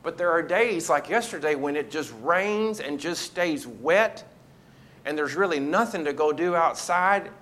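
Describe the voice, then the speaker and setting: A man's voice: a little high, measured pace, fairly bright tone. A man leading a Bible study, teaching in a conversational way and asking the group questions.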